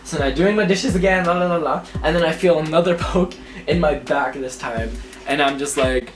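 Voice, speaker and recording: A young man telling spooky personal stories to camera in a lively, chatty way. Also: a little high, normal speed. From Canada. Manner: lively, chatty, acts out his reactions, laughs often. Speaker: vlogger. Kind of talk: casual storytelling to camera. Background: background music.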